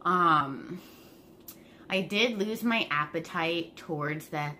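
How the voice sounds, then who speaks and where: A woman's voice: fairly low pitch, slow, pushed and bright, a little hiss or hum. A young woman talking casually to her viewers while she eats, chatty and swearing freely. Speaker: vlogger. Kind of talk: casual mukbang vlog.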